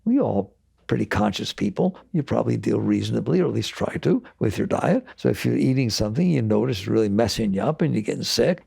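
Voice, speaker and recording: Man, spiritual teacher; gravelly, dry close sound, emphatic and repetitive with rhetorical questions. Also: mid-range voice, very animated, fairly quick, dark tone, no echo. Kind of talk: spiritual talk to an audience.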